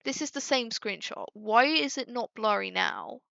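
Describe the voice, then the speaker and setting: A woman's voice: a little high, expressive, normal speed, vocal fry, sharp tone, no room sound. A young woman streaming, chatting casually to her viewers, exasperated and swearing often. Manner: exasperated, swearing, talking to chat. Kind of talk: casual livestream chat. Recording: dull lo-fi dry mic.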